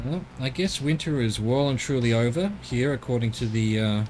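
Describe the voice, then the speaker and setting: A man's voice: mid-range voice, normal speed, darkish tone, slight background noise. Australian man musing aloud on stream. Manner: rambling, muttering to himself while exploring. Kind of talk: casual live-stream commentary.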